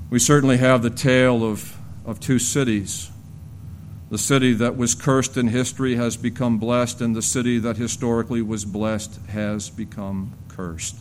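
A male preacher delivers an expository sermon to a church, earnest and measured at a middling pitch. He warms into lively storytelling, then sinks to a low, grave voice for the weighty points. A faint low rumble sits under the recording.

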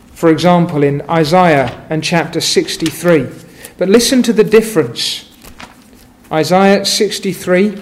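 Middle-aged male preacher, higher voice, slow and emphatic sermon delivery. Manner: measured, emphatic preaching with quoted scripture.

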